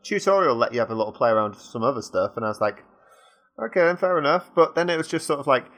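A British man with a mid-range voice co-hosting a relaxed gaming podcast. He rambles and hesitates, circling back to correct himself as he talks. The tone stays easygoing and conversational. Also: mid-range voice, racing. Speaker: podcast co-host. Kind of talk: casual gaming podcast chat.

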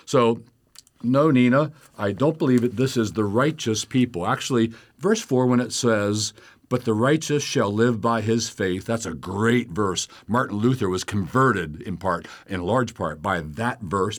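A male pastor answering listener questions with Bible teaching, reading scripture aloud and explaining it verse by verse, his voice rising sharply when he quotes taunts. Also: on the low side. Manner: animated, rises sharply when quoting taunts.

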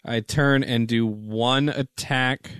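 A man's voice: medium pitch, steady tone, slow pace, a bit bright, smooth, no room sound, clean studio sound. A man playing a tabletop game, listing his turn step by step in a matter-of-fact way. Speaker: player.

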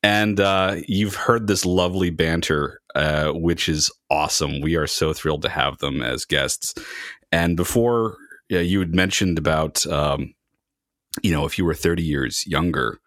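A man hosting a podcast interview, chatty and full of fillers, with quick bursts of speech. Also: a bass voice, a bit bright, no echo, studio quality. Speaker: podcast host. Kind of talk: casual interview chat.

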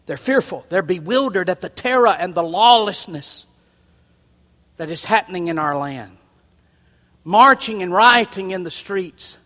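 A pastor preaching a sermon in a high, bright voice that climbs into loud, emphatic calls. His words ring out with a long reverb, the sound of a big church sanctuary.

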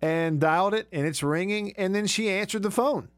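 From his studio, a radio talk show host from Alabama, in his 30s, shares stories in a chatty, self-mocking style. His voice sits high and he speaks at a normal speed.

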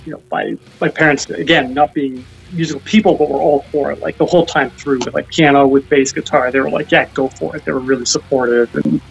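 A young guest musician calls in for a casual phone interview, rambling along with plenty of fillers and restarts. His medium-pitched voice is creaky and slightly rough, fairly even in intonation, a little fast, with few pauses. The call-in audio is dull and lo-fi, with faint music behind him.

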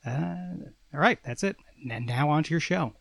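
A man sending in a relaxed recorded message to a podcast, joking in a dry way, with fillers. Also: fairly high pitch, normal speed, vocal fry, no room sound. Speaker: listener giving a recorded explanation.

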